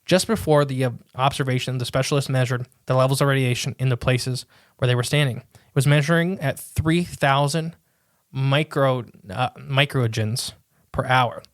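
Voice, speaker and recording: A man co-hosting a casual podcast, chatting in a rambling way and reading quotes aloud haltingly. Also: mid-range voice, fairly even intonation, dry recording, studio quality. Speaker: podcast co-host.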